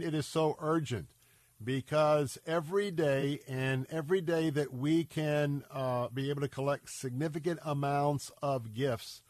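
A man's voice: mid-range voice, no room sound. A man hosting a radio show, making an urgent fundraising appeal in an earnest, pleading way, his voice a little scratchy and congested. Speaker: radio host.

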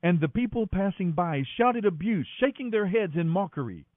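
Male bible reader, expressive, high lively voice, thin phone-like sound, dry. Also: normal speed, no room sound. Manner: expressive, dramatic reading. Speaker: scripture reader. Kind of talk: daily Bible reading.

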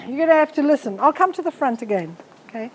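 A woman's voice: high voice, animated, fast, darkish tone, slight background noise. A middle-aged woman, giving a blunt, forthright live health talk to an audience on a handheld mic. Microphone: handheld microphone.

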